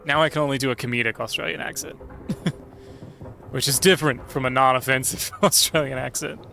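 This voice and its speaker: A male streamer talks through a horror game, muttering to himself, cursing and chatting with viewers about voice work. His voice is bright and sharp with an average male pitch. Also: fairly even intonation, moderate pace, creaky, a little hiss or hum. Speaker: streamer and voice actor. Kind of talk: casual live-stream chat while gaming.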